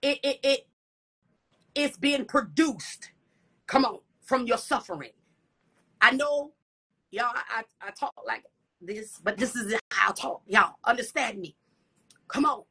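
High, bright-voiced fervent woman preacher. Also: a little slow, long pauses. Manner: breathy whispered asides, repeated "come on" and "hallelujah". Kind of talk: fervent sermon with prayer.

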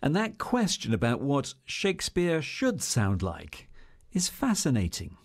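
A man's voice: mid-range voice, wildly swooping pitch, measured pace, husky. A man working as a news reporter, narrating a report and putting probing questions to his interviewees.

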